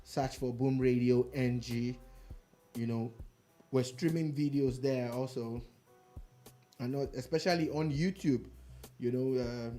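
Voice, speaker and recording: A man's voice: mid-range voice, warm tone. A man co-hosting a casual radio show, teasing his partner with dry, mock-offended remarks. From Nigeria.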